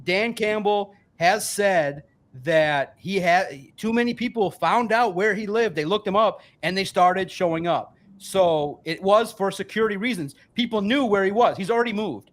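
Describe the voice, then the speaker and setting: A man in his forties with a high-set voice holds forth in a casual sports podcast chat. He is emphatic, rambling and heavily profane, sounding a little tipsy from a couple of beers. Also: normal speed, few pauses. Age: 40s. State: a bit tipsy from beer.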